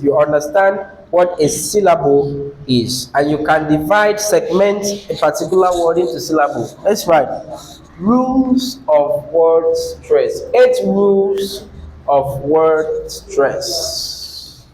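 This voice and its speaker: A man's voice: a little high, a little mellow, a little hiss or hum, low-quality recording. A man teaching an English lesson, asking the class questions and repeating key phrases.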